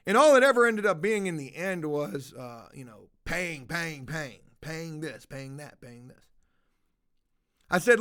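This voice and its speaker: A streamer rants profanely at his livestream chat, rambling from one jab to the next and mocking a viewer in a casual way. His voice is on the high side, expressive and unhurried, with a clean, slightly bright tone.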